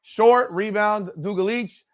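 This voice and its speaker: High-pitched man, watch party host, excitable play-by-play, blunt and cursing. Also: takes it slowly, muffled recording. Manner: excitable, critical, cursing, heckling players. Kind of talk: live play-by-play commentary.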